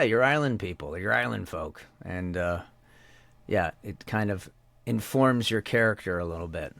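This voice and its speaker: A man's voice: lowish voice, gravelly, fairly bright tone, no echo. A man with a Canadian accent, a voice actor chatting casually as an interview guest, rambling with many restarts.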